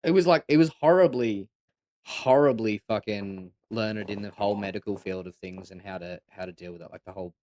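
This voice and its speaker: A low-voiced man co-hosting a casual show, spinning a fable with lots of swearing and restarts. He talks loosely and with energy. The sound is dry and close to the mic. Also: fairly quick, dry recording. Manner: profane, animated storyteller. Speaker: co-host. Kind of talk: casual podcast chat and storytelling.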